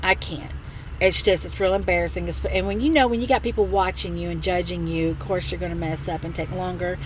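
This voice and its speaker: A woman's voice: lowish voice, steady tone, brisk, rough recording. Middle-aged woman, casual rambling vlog talk, lots of fillers, recorded in a truck with faint background noise. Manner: chatty and rambling, with many fillers. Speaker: vlogger. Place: inside a parked truck.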